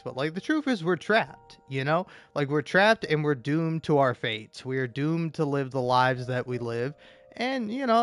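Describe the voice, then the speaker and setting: Rambling, profane man with a smooth voice. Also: medium pitch, a bit bright. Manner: meandering, profane, stammering with many fillers. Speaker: live streamer. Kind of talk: rambling casual monologue.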